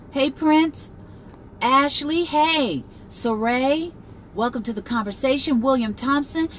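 A woman life coach hosting a casual live stream, chatting, laughing often and greeting viewers by name, then turning slow and emphatic to make a point. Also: high voice, lively intonation, slight background noise. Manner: turns slow and emphatic when teaching.

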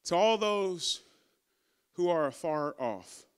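A man's voice: on the high side, normal speed, a bit bright, smooth. A man pastor preaching a sermon, emphatic and calling out to his congregation, and stumbling over his words when emotional. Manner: stammers and repeats when emotional.

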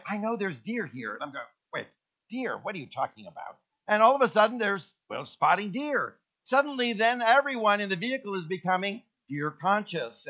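A high, bright-toned man delivers a sermon from the pulpit, animated and engaging, coaxing the congregation to repeat words after him. The recording has a dull, lo-fi quality. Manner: animated, teaching the congregation call-and-response words. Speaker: pastor.

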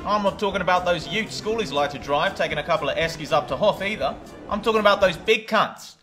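A man's voice: high voice, fast talker, lightly acted. A man playing a brash smuggler captain with a broad Australian accent, cocky and full of slang. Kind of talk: comedy parody dub. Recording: music behind the voice.

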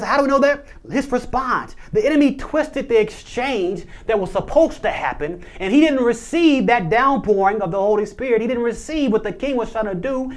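A young man preaching a sermon as a minister, conversational, with frequent restarts and asides. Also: very high voice.

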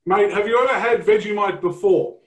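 A laid-back Australian-accented man hosting a casual interview, slangy and easygoing. His voice sits high, and the recording rings with a roomy echo. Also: fairly even intonation, fairly quick. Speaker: show host.

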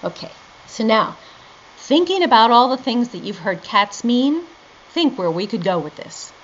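A middle-aged woman teaching dream interpretation in a lively lecture, acting out both sides of a conversation. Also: fairly high pitch, measured pace. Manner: animated storytelling, quoting both sides of a conversation. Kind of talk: lively lecture with acted-out dialogue. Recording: dull lo-fi lecture recording with faint noise.

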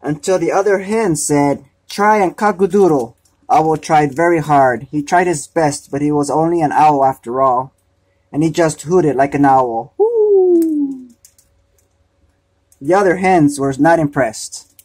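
A man gently reading a children's storybook aloud, unhurried. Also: on the high side, slightly rough.

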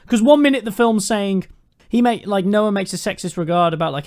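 A man's voice: sits high, expressive, a little fast, a little mellow. A man co-hosting a podcast, swearing and ranting animatedly about a film in casual chat. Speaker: podcast co-host.

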